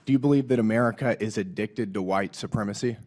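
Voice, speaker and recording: Man, hoarse from a cold, fairly low voice; a lawmaker at a hearing, blunt, reads quotes aloud. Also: fast talker, a little mellow. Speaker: lawmaker questioning a witness. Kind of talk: congressional hearing questioning. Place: hearing room.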